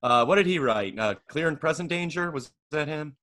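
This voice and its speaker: A man's voice: on the high side, expressive, moderate pace. A man co-hosting a podcast, playful and often laughing in casual banter. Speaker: podcast co-host.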